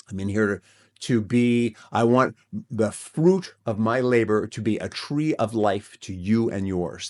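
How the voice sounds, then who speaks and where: A man speaking in an average-pitched voice, hosting a relationship coaching podcast. He talks earnestly and gets excited, circling back and repeating phrases as he goes. He often tags his points with "right?". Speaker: podcast host.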